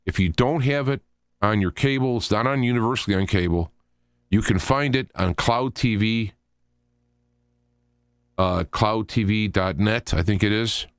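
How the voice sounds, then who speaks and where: Low-voiced man hosting rambling commentary. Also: measured pace, pauses often, clean tone, no echo, studio quality. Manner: rambling, opinionated, thinking aloud. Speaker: show host. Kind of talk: solo political commentary.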